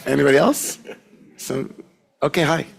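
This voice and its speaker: A man's voice: a little high, normal speed, gravelly, breathy edge. A man leading a Friday evening service, welcoming people and giving announcements in a chatty, joking way. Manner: chatty and joking, with many filler 'likes'. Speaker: service leader at a congregation. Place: sanctuary with a congregation present.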